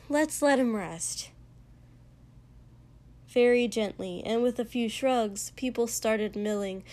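Narrator: woman reading a story, measured, slow delivery, voice on the higher side. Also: darkish tone. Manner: unhurried, measured. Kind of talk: reading fiction aloud.

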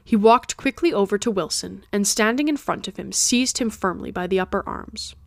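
A woman's voice: medium pitch, moderate pace, creaky, dry recording. Woman reading an audiobook, dry sound. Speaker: podcast host and reader. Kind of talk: audiobook narration.

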